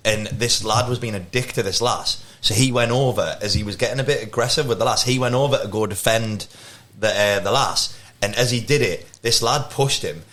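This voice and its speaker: A man, a podcast co-host telling an anecdote in casual chat, quick to react and to swear. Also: medium pitch, fairly bright tone. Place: podcast studio.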